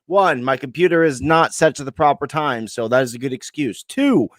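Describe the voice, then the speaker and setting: Lively, profane male podcast host. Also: medium pitch, moderate pace, no echo, clean studio sound. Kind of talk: casual podcast banter.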